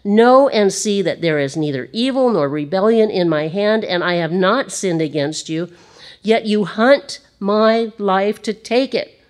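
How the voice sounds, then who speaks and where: A woman's voice: mid-range voice, animated, a little slow, a little mellow, voice pushed up, lightly acted. A woman reading as an earnest young warrior. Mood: pleading. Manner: earnest, emphatic scripture reading. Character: young male warrior pleading with a king.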